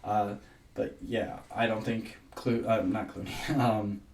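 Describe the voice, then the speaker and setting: A man co-hosting a podcast in casual chat, animated and laughing often as he mimics voices. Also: on the low side, slow pace, far from the mic, a little hiss or hum. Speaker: podcast co-host. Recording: roomy, off-mic sound.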